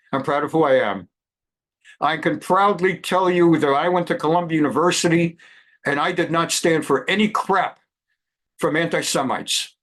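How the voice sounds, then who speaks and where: A high-voiced man in his seventies lectures with fierce conviction. He scolds and hammers his points home with one rhetorical question after another, in the way a rabbi speaks from long experience. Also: a bit bright. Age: 70s. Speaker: rabbi and law professor. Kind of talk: impassioned direct-to-camera address.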